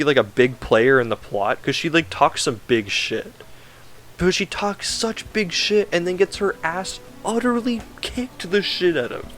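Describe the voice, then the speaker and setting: A man's voice: mid-range voice, normal speed, fairly bright tone, faint music behind. Rambling sarcastic man reviewing a game. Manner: rambling, sarcastic, swears often, many fillers.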